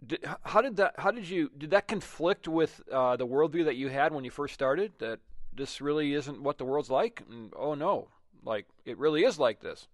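A man hosting an interview, a father who talks haltingly and searches for his words. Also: fairly high pitch, expressive, no echo, clean studio sound. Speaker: interview host. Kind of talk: conversational interview.

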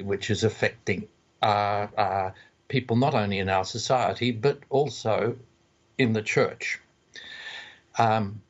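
An older Australian theologian being interviewed from far away, speaking in a measured way with frequent pauses. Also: male voice, on the low side. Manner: measured, with many ums and uhs. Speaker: theologian guest. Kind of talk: interview over a phone line. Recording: muffled phone line.

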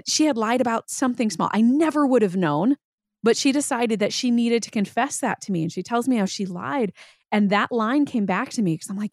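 A woman's voice: fairly high pitch, lively intonation, fairly quick, a little mellow, no echo, clean studio sound. A woman in her thirties hosting an interview, telling a family story in an eager, chatty way. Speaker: podcast host. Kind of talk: interview, casual chat.

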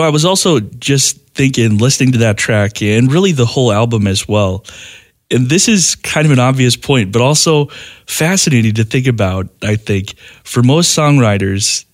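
A man's voice: mid-range voice, lively intonation, normal speed. Effusive male radio host. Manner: warmly enthusiastic, effusive praise. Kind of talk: radio interview.

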